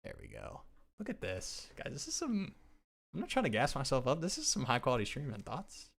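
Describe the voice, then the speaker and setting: A young man chatting casually on a live stream as he drafts fantasy football, excitable and rambling, often restarting his sentences. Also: medium pitch, brisk, vocal fry, breathy edge. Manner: excitable, rambling, self-interrupting.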